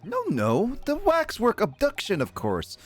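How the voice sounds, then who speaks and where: A man's voice: high voice, huge pitch swings, soft background music, voice pushed up, full character voice. A man voicing a theatrical, grandiose male detective in a video game read-through. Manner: grandiose, drawn-out declarations.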